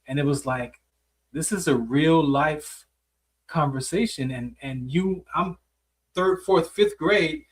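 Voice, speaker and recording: A man's voice: on the high side, slow, distant mic. A man hosting an interview, telling a story in a reflective, casual way with lots of "like" and "man". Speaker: host.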